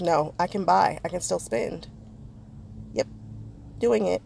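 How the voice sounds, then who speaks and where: Talking slowly in a fairly low, gravelly voice with a darkish tone, this woman walks her viewers through a craft project. She's a chatty, self-deprecating crafting vlogger who pokes fun at her slip-ups. A little hiss or hum runs under the recording.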